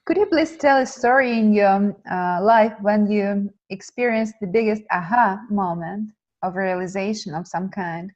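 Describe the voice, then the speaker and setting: A woman's voice: mid-range voice, measured pace, few pauses, darkish tone, lo-fi sound. A woman interviewer asking polite, formal questions.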